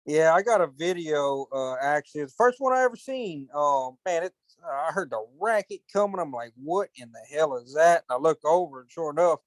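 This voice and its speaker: A man's voice: on the high side, no room sound. Drawling man telling hunting stories. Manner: rambling, colloquial, drawn-out storytelling with cursing. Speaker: podcast host. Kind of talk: casual storytelling chat.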